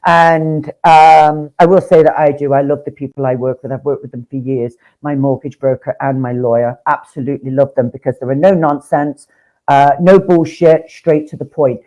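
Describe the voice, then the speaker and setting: A woman with a Nottingham accent co-hosting a casual real estate chat, talkative and quick to swear and use slang. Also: low-pitched, fairly even intonation, dark tone, poor audio. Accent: Nottingham English. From Nottingham, England. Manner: chatty, swears freely, slips into slang. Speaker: co-host, real estate professional.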